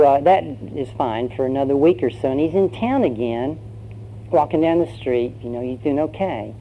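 A pastor preaching, telling a story in a conversational way with fillers. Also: male voice, medium pitch, dark tone. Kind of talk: sermon with storytelling. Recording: dull lo-fi sermon recording, faint hum.

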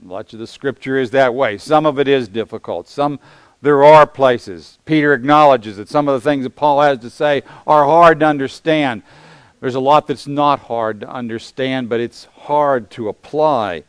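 A man preaching a sermon, teaching through a scripture passage in a measured, deliberate way with emphatic pauses. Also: mid-range voice, smooth, no echo. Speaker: pastor.

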